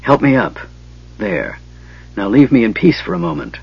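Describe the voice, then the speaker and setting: A man's voice: mid-range voice, animated, normal speed, creaky, slightly rough, lo-fi sound. A man doing a frail, bitter mage. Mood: weary. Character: frail bitter young mage, cold and weak.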